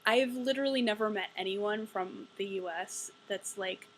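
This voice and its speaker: A woman's voice: medium pitch, moderate pace, slight background noise, poor audio. A young woman giving a casual ranting book review, exasperated, sarcastic and profane. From United States.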